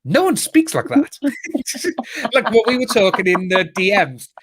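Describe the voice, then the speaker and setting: A man's voice: sits high, measured pace, noisy background. Chatty British man on a stream. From United Kingdom. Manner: animated, laughing often, quoting people in voices. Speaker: YouTube commentator co-hosting a live stream. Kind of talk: casual chat.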